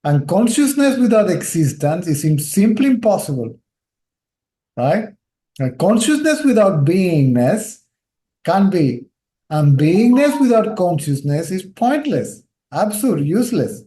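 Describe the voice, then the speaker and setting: Guy with a slightly indian-tinged accent teaching spiritual stuff, higher mellow voice, echoey room, keeps going "right?". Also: big pitch swings, unhurried. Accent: Indian-tinged English. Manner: explains patiently, keeps checking with "right?". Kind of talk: nondual teaching talk. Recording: roomy echo.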